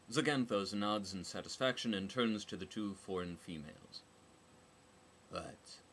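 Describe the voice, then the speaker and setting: Male audiobook narrator, dry and wry, unhurried, faint hiss behind. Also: on the low side, a bit bright.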